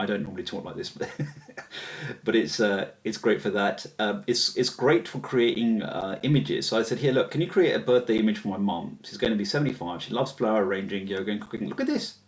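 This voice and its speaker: A fairly low-voiced man walks through a software demo in a loose, chatty way. He hesitates often and chuckles as he talks. His voice sits a little back from the microphone. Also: distant mic. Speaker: presenter demonstrating software. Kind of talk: casual screen-share walkthrough.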